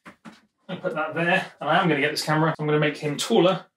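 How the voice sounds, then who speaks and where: Male vlogger, fairly high voice, rambling self-mocking chatter, recorded on a camera mic across an echoey studio. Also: steady tone, fast talker, far from the mic, background noise. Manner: rambling, self-mocking, talks to himself while handling gear. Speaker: music producer and vlogger. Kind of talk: casual studio vlog, talking to camera. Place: home music studio, indoors. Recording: echoey room, voice often off-mic.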